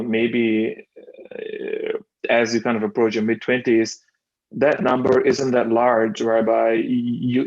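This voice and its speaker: Flat-toned young man, tentative. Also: mid-range voice, dull audio. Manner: tentative, searching for words. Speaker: audience participant. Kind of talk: casual discussion.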